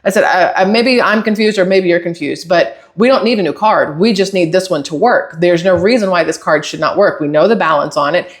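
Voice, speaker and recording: A woman hosting her own channel, telling a casual story in an animated, exasperated way and acting out both sides of a phone call. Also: on the low side. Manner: animated, exasperated retelling with acted-out quotes. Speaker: channel host.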